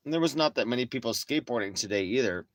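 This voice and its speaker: A man's voice: mid-range voice, animated, fast, no echo. A man chatting casually to his viewers, telling rambling, profane stories full of slang. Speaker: streamer.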